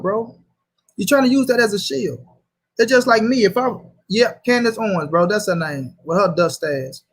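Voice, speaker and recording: A man's voice: high voice, fairly bright tone. A man hosting a casual livestream, reading chat aloud and arguing in a heated, profane way. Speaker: host.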